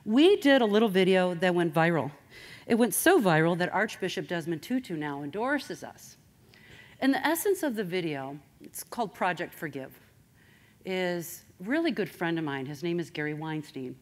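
A woman speaking to an audience in a motivational talk, direct and straight-talking. Her voice sits on the lower side for a woman. She swings between lively emphasis and quiet, serious moments. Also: normal speed.

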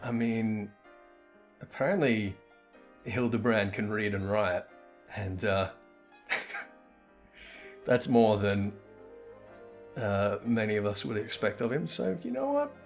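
A man talking through a game in a relaxed, wry way, often chuckling at what he sees. His voice has a gravelly texture and a lively, swinging pitch. Quiet game music plays underneath. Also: slow pace, pauses often. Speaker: gamer. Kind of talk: casual let's play commentary.

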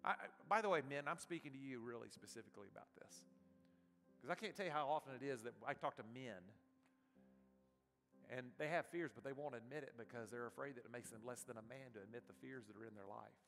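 A male pastor preaching a sermon, surging loud with passion and then dropping to a soft hush. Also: medium pitch, quick pace. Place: church sanctuary. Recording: reverberant church hall with soft guitar.

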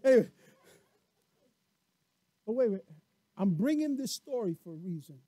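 Pastor guy preaching, really high voice, animated storyteller, dry close sound. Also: normal speed, no echo. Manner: animated storyteller, acts out voices, laughs often. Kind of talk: sermon.

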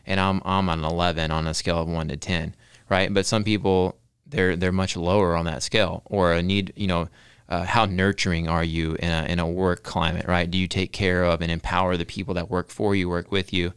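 A man's voice: sits low, level tone, fairly quick, a bit bright, clean tone, dry recording, studio quality. A man, talking earnestly as a podcast guest, often repeating words while he thinks and adding "right?". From Texas. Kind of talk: casual podcast interview.

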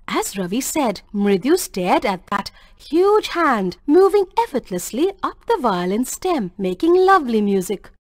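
Woman teacher narrating a class story; expressive, high-pitched, dry read. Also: dry recording. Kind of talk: reading a textbook story aloud.

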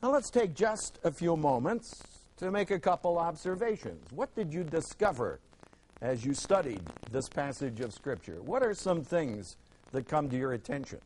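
A man teaching scripture to a classroom, his voice pitched high for a man and swinging widely up and down. He hammers key words through repetition and keeps tossing questions to his students. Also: big pitch swings, normal speed, darkish tone, a little hiss or hum, poor audio. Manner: emphatic, rhetorical questions, repeats words for stress. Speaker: Bible teacher. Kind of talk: classroom Bible lesson.

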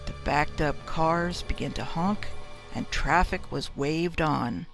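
A man narrating a horror story in a slow, measured reading. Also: fairly high pitch, gravelly. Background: faint eerie music.

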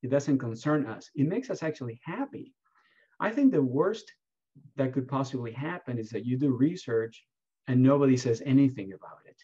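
A husky-voiced man speaks as a keynote award speaker, answering questions with lively, emphatic storytelling. His voice sits in a middle register. The sound is dull and lo-fi, like video call audio. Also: medium pitch, normal speed.

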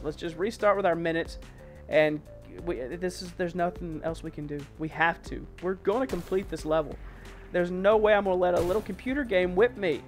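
Man, high voice, excitable let's-play commentary, soft music behind. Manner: excitable, exclaiming, mild self-censored oaths. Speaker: gaming channel host.

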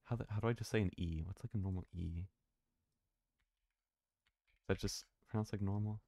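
A man's voice: deep voice, fairly even intonation, moderate pace, vocal fry, mellow, dry recording. A man thinking aloud and swearing casually while live-streaming a video game.

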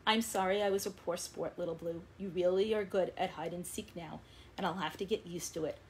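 A woman's voice: lowish voice, steady tone, fairly quick, a little hiss or hum, close to an everyday voice, low-quality recording. A woman voicing Rainbow Fish, a proud, sulky young male fish, in a storybook reading. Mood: sulky, sheepish. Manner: sulky then sheepish storybook delivery.

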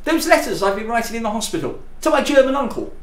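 A man's voice: very high voice, big pitch swings, quick pace, fairly bright tone, heavily acted. A man playing a cheerful, dim young British lieutenant in a giddy, chirpy way. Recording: roomy echo.

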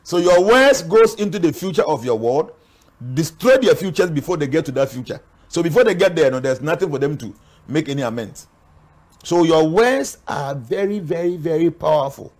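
A man's voice: on the high side, lively intonation, a little fast, darkish tone. A man with a Ghanaian accent, a spiritual guest speaking earnestly in an interview, warning and preaching. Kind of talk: interview talk mixing Twi and English.

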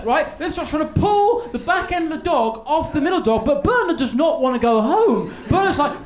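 Speaking at an extremely high pitch, very animated and fairly quick with hardly any pauses, a stand-up comedian rambles through a story with stammers and restarts. The live venue recording is echoey with noise.

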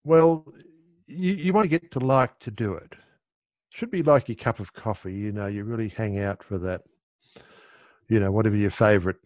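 In a dry recording, a middle-aged man who teaches meditation talks about it casually and conversationally, frequently starting sentences over. His voice sits on the low side and is a little mellow.

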